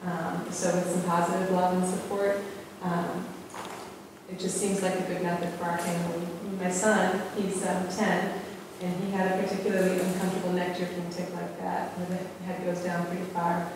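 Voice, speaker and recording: A woman's voice: lowish voice, completely flat delivery, moderate pace. A woman giving a candid, conversational talk to an audience as a parent, with frequent fillers. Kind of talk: informal presentation to an audience. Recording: echoey hall, far from mic, room noise.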